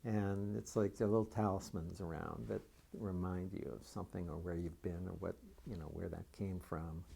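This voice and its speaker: A man's voice: sits low, fairly even intonation, normal speed, creaky, mellow, husky. A man who survived a wildfire, thoughtfully searching for words about the things he lost. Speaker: fire survivor interviewee. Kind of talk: reflective personal account.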